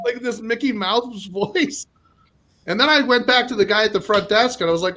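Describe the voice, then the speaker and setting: A man's voice: sits high, animated, moderate pace, pushed and bright, slight background noise. A man in his forties from Minnesota doing a stand-up set, rambling and self-deprecating, laughing at his own lines between fillers. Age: 40s. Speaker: stand-up comedian.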